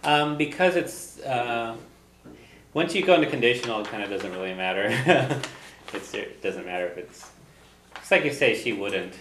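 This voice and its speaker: A man teaching a language class, patiently drilling phrases slowly so students can repeat them. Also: mid-range voice, a bit bright, echoey room, slight background noise, low-quality recording.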